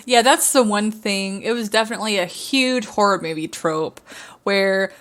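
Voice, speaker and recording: A woman's voice: mid-range voice, normal speed, fairly bright tone. A young woman co-hosting a casual podcast chat about a horror movie, rambling, trailing off and laughing often. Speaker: podcast co-host.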